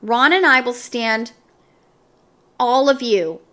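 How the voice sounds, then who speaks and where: A woman's voice: a little high, takes it slowly. A woman voicing an easygoing, fair-minded yard teacher who talks reasonably to the children. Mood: encouraging. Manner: calm, reasonable.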